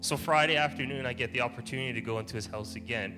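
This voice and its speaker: A man's voice: medium pitch, very fast. A man giving an informal testimony-style sermon at church, telling stories in a chatty way and laughing often. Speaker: church speaker. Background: soft guitar music.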